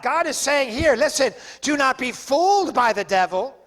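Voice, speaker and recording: Male pastor, very high-pitched, emphatic preaching. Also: expressive, normal speed, few pauses, a bit bright. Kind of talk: sermon.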